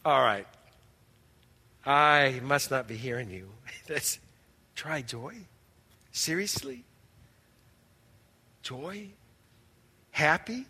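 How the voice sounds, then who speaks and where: In a reverberant hall, a male actor performs a church drama monologue as an anxious, overwhelmed churchgoer pleading with God, stammering in exasperation. His mid-range voice is husky, pushed and bright, with lively intonation, a very slow pace, frequent pauses, and full character delivery.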